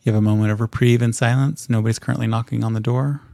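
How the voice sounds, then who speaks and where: A man narrating a tabletop game as game master, relaxed and halting, with frequent fillers. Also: medium pitch, vocal fry, no echo.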